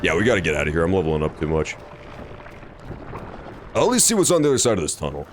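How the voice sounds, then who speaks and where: Low, animated male game streamer. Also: fast talker, faint music behind. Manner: joking, sarcastic, animated reactions. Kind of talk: casual gameplay commentary.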